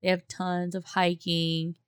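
Woman, lowish smooth voice, chatty, casual talk, dry close recording. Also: completely flat delivery, slow. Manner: chatty, laughs along, echoes the other speaker's words. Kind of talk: casual chat.

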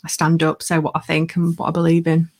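A woman's voice: low voice, monotone, fast talker. A middle-aged woman guesting on a podcast, talking frankly and laughing easily. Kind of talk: casual interview chat.

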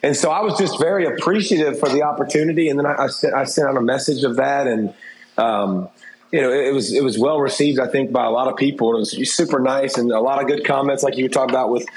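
A man's voice: medium pitch, quick pace. Candid middle-aged man in a roomy space. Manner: candid, rambling, frequent restarts and fillers. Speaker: interview guest, former TV football analyst. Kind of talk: casual interview talk. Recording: roomy echo.

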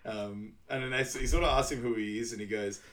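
A young man co-hosting a podcast, recapping a film and acting out the characters' lines with animated voices. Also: mid-range voice, fairly quick, slight background noise. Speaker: podcast co-host. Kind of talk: casual movie recap chat.

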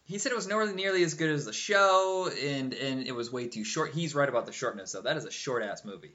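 A man co-hosting a casual chat, telling stories with animated acted-out quotes and frequent laughs. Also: mid-range voice, fast talker, lo-fi sound. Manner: animated storyteller, acts out quotes, laughs often.

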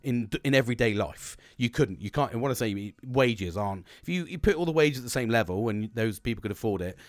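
A man's voice: mid-range voice, animated, fairly quick, no echo, studio quality. A middle-aged man, ranting in a sweary, rambling monologue with bursts of laughter. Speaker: podcast host.

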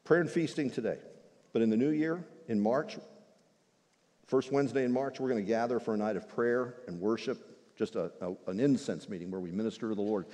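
A man preaching a sermon as pastor, in a lively, conversational way with touches of humor. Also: on the low side, fairly quick. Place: church sanctuary. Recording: long reverb in a large hall.

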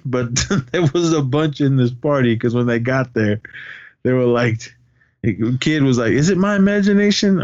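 A man's voice: medium pitch, darkish tone, muffled recording. A man casually recapping a comedy film on a podcast, laughing often and acting out quoted lines. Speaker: podcast co-host. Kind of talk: casual movie recap chat.

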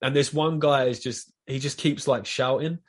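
A man in a casual chat, telling stories with lively energy and plenty of swearing and filler words. His voice sits at an ordinary middle pitch for a man. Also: moderate pace, breathy edge. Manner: animated storyteller, heavy swearing, lots of fillers.

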